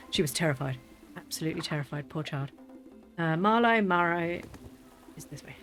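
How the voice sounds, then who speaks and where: A woman's voice: low-pitched, expressive, normal speed, pauses often, a bit bright. Woman, 30s, casual gameplay chat, laughs a lot, faint background music. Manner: chatty storyteller, laughs often. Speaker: streamer.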